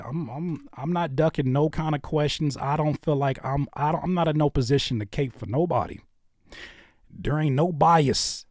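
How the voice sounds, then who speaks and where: A man hosting a casual live stream, talking in an animated way that swings between loud outbursts and low muttering. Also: no room sound, studio quality. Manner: animated, quick shifts between shouting and muttering. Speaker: host of a live stream channel.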